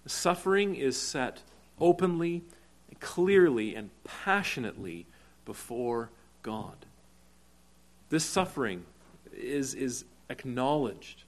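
A male preacher delivering a sermon at an unhurried, deliberate pace. His voice sits at an ordinary middle pitch, and he leans hard on key words for emphasis. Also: lively intonation. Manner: deliberate, slowing for emphasis, rising to urgent cries. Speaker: pastor.

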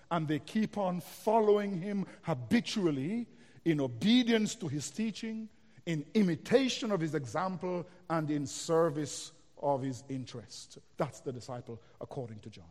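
High-pitched guy preaching, expository and building to big emphatic points, long hall echo. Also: expressive, measured pace, darkish tone. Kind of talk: sermon. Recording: long reverb of a large hall.

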